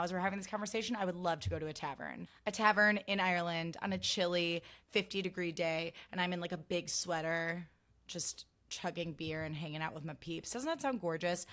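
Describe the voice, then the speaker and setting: A woman in her thirties hosts a solo podcast, gushing and rambling casually, leaning heavily on "like" and swearing freely. Her voice is fairly low but fairly bright.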